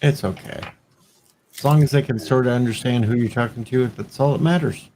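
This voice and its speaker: A man's voice: mid-range voice, fairly quick, warm tone, a little hiss or hum. A man in casual chat, easygoing and reassuring.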